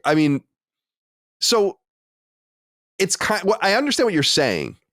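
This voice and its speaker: A man chats on a podcast, his voice leaping up and down in pitch as he rambles, swears and restarts his sentences. The mic is close and dry, with no room sound at all. He sounds like a regular co-host arguing a point. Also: unhurried, no room sound. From United States. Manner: animated, profane, rambling with restarts. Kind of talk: casual chat.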